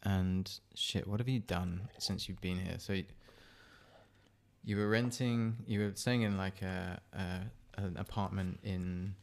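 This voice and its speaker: This is a relaxed podcast host, a man with a mixed British and South African accent, talking low and deep. His voice carries plenty of gravelly fry, and he chats easily and laughs often. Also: measured pace. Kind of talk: casual chat.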